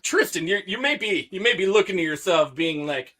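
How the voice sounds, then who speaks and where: Rambling bright-voiced podcast host. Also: male voice, sits high, lively intonation. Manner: rambling, drawn-out, with fillers. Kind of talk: casual podcast chat.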